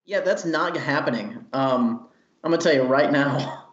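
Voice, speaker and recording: A man's voice: medium pitch, unhurried. A man playing a tabletop game in a joking, laughing way. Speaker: player. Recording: dull echoey room sound.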